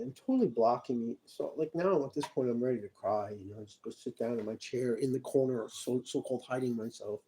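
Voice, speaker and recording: A man rambles through a personal story to the camera, wandering off into asides and aside-to-the-viewer remarks. His voice is mellow and warm, at a middling pitch, and it often sinks to a soft mutter. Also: a little fast, hardly any pauses, rough recording. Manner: meandering, talks to the viewer with many asides. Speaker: vlogger.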